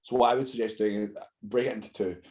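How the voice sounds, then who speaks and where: A man's voice: fairly low pitch, steady tone, fast talker, darkish tone. A man, co-hosting a casual podcast, blunt and slangy, reading out listener questions. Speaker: podcast co-host. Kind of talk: casual chat.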